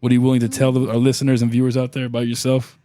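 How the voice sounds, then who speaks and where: A man hosts a relaxed podcast conversation with a voice of ordinary pitch. He keeps the mood upbeat and joking. He laughs easily as he talks. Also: rapid-fire, no echo. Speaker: podcast host. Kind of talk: casual podcast chat.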